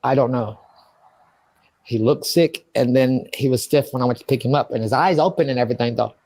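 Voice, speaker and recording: A man's voice: mid-range voice, a little fast, a little mellow. Agitated, rambling man in an interview. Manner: rambling, agitated, swearing, talks to himself. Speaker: interview subject. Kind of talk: emotional interview monologue.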